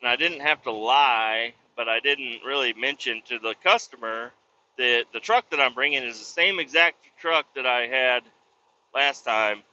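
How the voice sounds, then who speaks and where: A man's voice: medium pitch, moderate pace, bright, forceful tone. A truck driver venting in a profane, casual vlog monologue from his cab. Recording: dull lo-fi audio with faint road noise.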